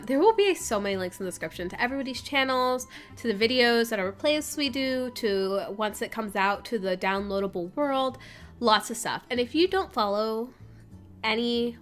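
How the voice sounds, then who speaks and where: A woman's voice: a little high, lively intonation, moderate pace, fairly bright tone, soft background music. A young woman YouTuber chatting casually in a rambling, self-deprecating way over a building video. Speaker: Sims YouTuber. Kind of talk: casual voice-over chat during speed build.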